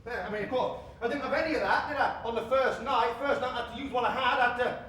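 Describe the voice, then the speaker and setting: A man's voice: very high-pitched, fast talker, sharp tone. An actor playing a chatty, stubborn man who lives up a tree, telling a rambling story outdoors. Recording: very echoey, distant, faint outdoor noise.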